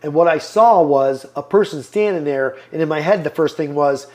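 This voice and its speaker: A man's voice: on the high side, normal speed, a little mellow. A man in his fifties, a podcast guest, giving an earnest personal testimony and acting out the lines people said to him. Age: 50s. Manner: earnest storyteller, acts out quoted lines.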